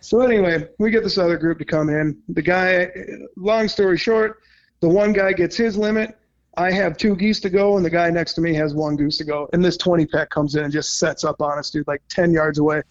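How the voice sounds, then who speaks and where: A man in his thirties from Minnesota, a hunting guide telling stories casually, excitable and profane, laughing mid-story. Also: a little high, fairly quick, lo-fi sound. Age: 30s.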